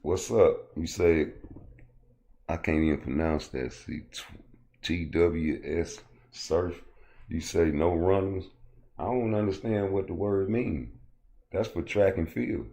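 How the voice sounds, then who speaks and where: A man's voice: sits low, slow pace, long pauses, warm tone. A man hosting a casual livestream, rambling and cursing as he answers chat comments. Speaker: livestream host.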